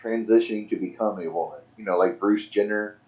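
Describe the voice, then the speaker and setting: A low-voiced man in casual group chat who keeps explaining and clarifying for the others. The audio sounds muffled and lo-fi. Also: fairly quick.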